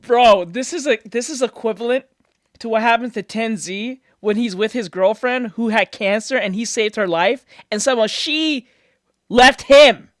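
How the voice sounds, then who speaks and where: A woman reacting out loud in a casual chat, laughing often, exasperated, swearing freely. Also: a little high, moderate pace, dry recording, studio quality. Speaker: reaction commentator.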